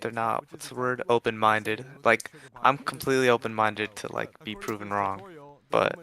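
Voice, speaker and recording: A man's voice: lowish voice, steady tone, normal speed, vocal fry, pushed and bright, low-quality recording. A young man co-hosting a live stream, chatting casually and rambling with lots of filler words. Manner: rambling, repeats himself, lots of "like" and "bro". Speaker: stream co-host. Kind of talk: casual chat.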